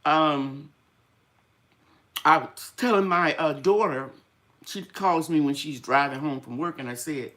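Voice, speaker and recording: A woman's voice: low voice, measured pace, long pauses, fairly bright tone. An older woman hosting a casual live-stream chat about her garden, chatty and full of stories, a little tired with draining sinuses. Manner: chatty, storytelling, acts out quoted voices. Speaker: gardening channel host.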